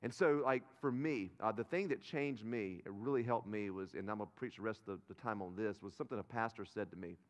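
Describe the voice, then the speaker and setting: A man in his thirties from North Carolina, a pastor preaching a sermon and swinging from loud bursts to quiet asides. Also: fairly low pitch, brisk, hardly any pauses, dull audio. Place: church auditorium. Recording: long reverb of a church hall.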